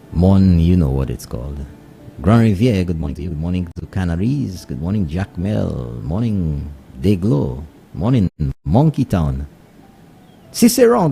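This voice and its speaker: A man with a Saint Lucian accent hosting a morning radio show, greeting listeners and mixing English with Kweyol in lively casual chat. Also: low-pitched, gravelly. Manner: switches between English and Kweyol, animated greetings.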